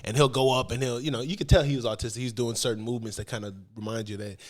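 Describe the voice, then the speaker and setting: A man co-hosting a podcast in casual chat, animated and profane, swinging between loud outbursts and low mumbles. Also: racing. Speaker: podcast co-host.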